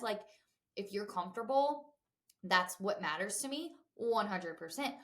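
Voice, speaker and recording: A woman. She's candid and chatty, tossing in fillers and side remarks, in a voice of ordinary pitch for a woman. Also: expressive, moderate pace, fairly bright tone. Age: 20s. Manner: chatty and candid, lots of fillers and asides to listeners. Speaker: podcast host. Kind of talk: casual chat.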